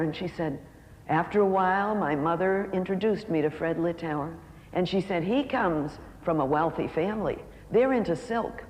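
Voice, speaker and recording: A speaker telling a heartfelt story in a sermon, slowing down to let key lines land. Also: mid-range voice. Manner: heartfelt storytelling, slows for emphasis. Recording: echoey hall with faint background noise.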